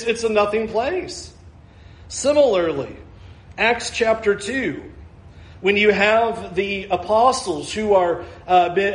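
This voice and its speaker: A man preaching a sermon in an animated way, acting out the voices he quotes. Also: high voice. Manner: animated, acts out quoted voices, wide swings in pace. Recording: echoey room.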